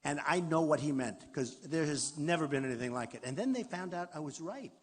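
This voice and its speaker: Fairly high-pitched, husky, and expressive, an older political candidate with a New York accent talks fairly quickly. He gives a boastful, rambling rally speech to a large crowd in a hall, with roomy reverb and faint crowd noise on the recording.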